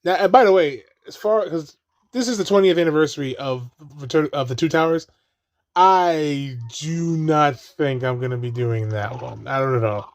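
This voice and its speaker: Laughing, swearing man riffing on a movie. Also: moderate pace. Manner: laughs often, swears freely, mimics characters in a high voice. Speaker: movie commentary host. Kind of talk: casual movie watch-along commentary.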